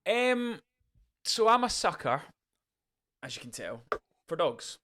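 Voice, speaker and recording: A young man co-hosting a podcast, chatting excitedly about a film and acting out quotes in voices. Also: sits high, slow. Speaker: podcast co-host. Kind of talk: casual film review chat.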